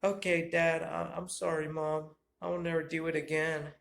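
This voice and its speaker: A man voicing his imagined teenage son, a foul-mouthed upset boy with a high whining yell. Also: level tone, normal speed, vocal fry. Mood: apologetic. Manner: high shouting whine.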